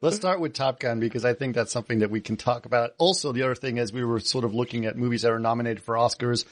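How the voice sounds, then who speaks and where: A man's voice: medium pitch, fast talker, dry recording. A man hosting a movie review podcast, speaking casually and hesitantly with many uhs. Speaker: podcast host.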